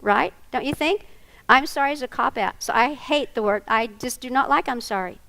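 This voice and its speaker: A woman's voice: high-pitched, moderate pace, gravelly, fairly bright tone, low-quality recording. A woman giving a training workshop, animatedly acting out scenes with volunteers. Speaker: workshop presenter. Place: conference room before an audience.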